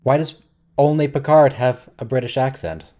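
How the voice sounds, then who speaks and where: A man's voice: mid-range voice, normal speed, warm tone. A man hosting a watch-along, giving casual, wry, quizzical commentary and thinking aloud.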